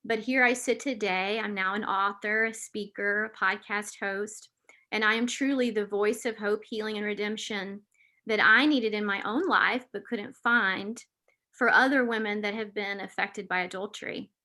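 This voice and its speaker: A woman's voice: medium pitch, fairly even intonation, moderate pace, sharp tone. A woman, an author and podcast host telling her personal story in an earnest, emotional way as an interview guest. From Southern United States.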